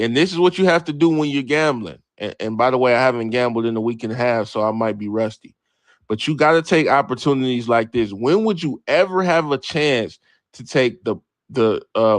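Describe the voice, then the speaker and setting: A man's voice: medium pitch, no room sound. A brash man hosts a late-night sports stream and fires back at his chat, swearing freely. His voice sits mid-range for a man. The sound is dry and close, with little room in it. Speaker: livestream host. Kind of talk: casual profane sports talk to live chat.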